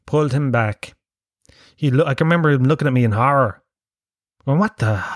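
An Irish man with a Kerry accent tells a rambling, self-deprecating story, swearing freely as he goes. His medium-pitched voice is brisk, captured in studio quality with no echo.

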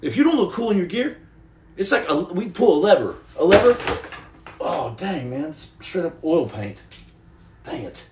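A man's voice: fairly high pitch, very animated, moderate pace, far from the mic, noisy background. Rambling joking man, echoey room. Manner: rambling and joking, reads out viewer comments. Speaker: livestream host. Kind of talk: casual livestream chat. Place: indoor room at home.

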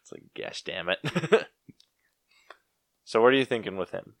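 Casual podcast co-host, man, lowish voice, blunt and quick to laugh, dry booth sound. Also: very animated, vocal fry, a bit bright, no room sound. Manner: laughs often, blunt opinions. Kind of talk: casual movie review chat.

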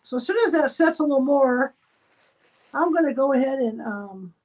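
A woman's voice: high-pitched, animated, normal speed, a little mellow. A woman hosting a live stream from a spare bedroom at home, muttering to herself as she describes each step of her craft project. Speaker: livestream host. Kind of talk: casual running commentary while crafting. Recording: dull lo-fi sound with faint noise.

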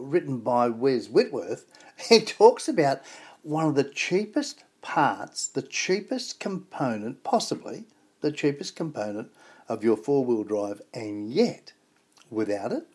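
A man's voice: medium pitch, a little mellow, husky. A man hosting a weekly radio show in an enthusiastic, emphatic, casual way. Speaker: radio host.

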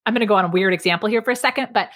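A woman's voice: medium pitch, racing. A woman guest, a public speaking coach, talking energetically and emphatically in a casual interview over a video call. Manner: energetic, emphatic, self-deprecating.

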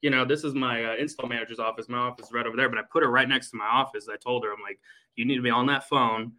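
A man's voice: medium pitch, fairly even intonation, racing, sharp tone, low-quality recording. A man who owns a heating and cooling company, chatting bluntly and energetically from his office, swearing freely. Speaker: HVAC company owner. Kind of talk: casual business podcast chat.

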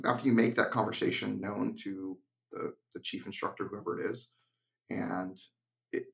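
A young adult man with a lowish, creaky voice co-hosts an aviation podcast and gives his view as a flight instructor. In casual chat he's blunt and emphatic, slipping into a deliberate monotone when acting out cockpit instructions.

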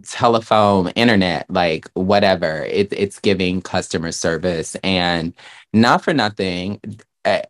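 A man from Virginia co-hosting a casual chat, talking in a sassy, campy way with drawn-out delivery. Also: low-pitched. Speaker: podcast co-host.

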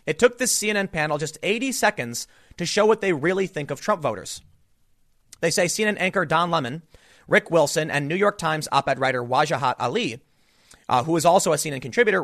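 A man's voice: sits high, a bit bright. A man giving a sarcastic, mocking political commentary monologue.

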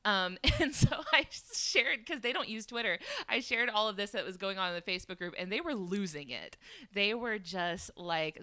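Podcast guest, woman: crisp voice, dry close mic, chatty storyteller, lots of fillers. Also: medium pitch, fairly quick, dry recording. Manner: animated, laughing often, many fillers. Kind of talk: casual storytelling chat. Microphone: home podcast microphone.

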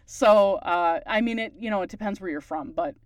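A woman's voice: medium pitch, normal speed, no echo. Chatty Newfoundland woman, dry close sound. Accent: Newfoundland townie. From Newfoundland, Canada. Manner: chatty, explains at length. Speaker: podcast host. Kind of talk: casual chat.

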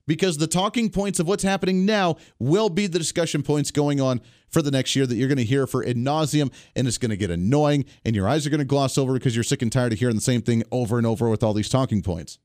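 A male radio host delivers blunt, emphatic political commentary with strong opinions. His voice sits a touch high for a man. The studio sound is dry and close. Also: expressive, brisk, a little mellow, no echo. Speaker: radio talk show host.

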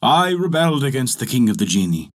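A man voicing a haughty, vengeful giant genie who speaks in a commanding, deliberate way in a storybook tale. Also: mid-range voice, very animated, close to an everyday voice.

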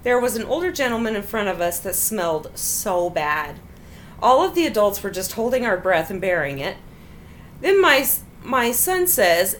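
A woman's voice: mid-range voice, very animated, normal speed, slight background noise. A woman hosting a casual show, reading funny stories aloud and laughing often between them.

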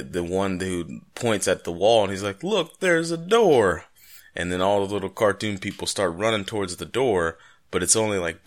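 A man co-hosting a casual podcast, joking and rambling through his explanations. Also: low-pitched. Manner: jokey, rambling, playful asides. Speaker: podcast co-host.

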